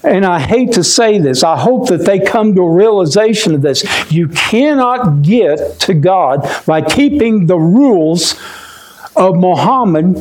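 A man preaching a sermon with a fairly high voice and a slow, deliberate pace. He talks in a folksy, personal way, calling out "my friend" again and again. At tender moments he sinks low and quiet. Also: expressive, low-quality recording. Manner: folksy, repeats "my friend", drops voice low and slow when moved. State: choked up.

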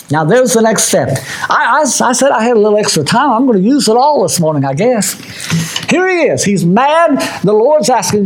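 Preacher guy, high voice that jumps all over, preaching hard. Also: big pitch swings, moderate pace, rough recording. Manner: preachy, rising and falling with emphasis. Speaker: pastor. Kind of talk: sermon with personal testimony.

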